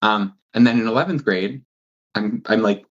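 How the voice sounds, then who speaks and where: Man, 30s, from New Jersey, podcast guest, casual storytelling, animated, laughing, muffled lo-fi audio. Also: moderate pace. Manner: animated, laughs often, acts out quotes in a higher voice. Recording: dull lo-fi sound.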